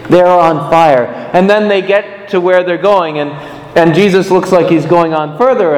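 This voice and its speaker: Man, fairly high voice, animated sermon storyteller, recorded in a church with long, roomy reverb. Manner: animated storytelling with big pitch swings. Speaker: preacher.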